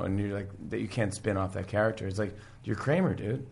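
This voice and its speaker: A man chatting casually about an old sitcom, animated and acting out scenes in quick impressions. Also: lowish voice, creaky. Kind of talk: casual chat.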